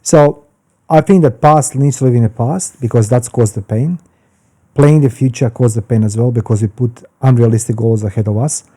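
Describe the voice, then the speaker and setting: Male, 50s, dark warm voice, blunt animated podcast storyteller. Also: mid-range voice, moderate pace. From Croatia. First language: Croatian. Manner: animated, blunt, swears freely, broken grammar. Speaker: podcast guest. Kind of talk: candid storytelling in conversation.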